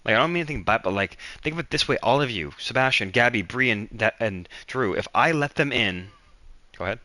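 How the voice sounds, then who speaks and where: A young man hosting a livestream, telling a story in an animated, exasperated rant. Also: mid-range voice, brisk, dry recording. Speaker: livestream host.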